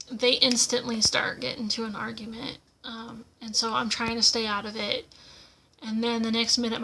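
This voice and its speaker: A young woman speaks straight into her camera at home, relating a personal story in a loose, conversational way. Her voice sits a little high and sounds bright and forward, and she drops in plenty of fillers and acted-out quotes. A faint background hiss runs under the built-in mic. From United States. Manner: casual, with frequent filler words and acted-out quotes. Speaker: vlogger.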